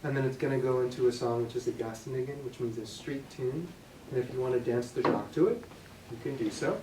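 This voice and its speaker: A man with a Boston accent, a band member casually introducing songs to a concert audience with a relaxed, joking manner. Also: mid-range voice, fast, noisy background. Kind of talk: casual stage banter. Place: concert performance space. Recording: echoey room, mic from far off.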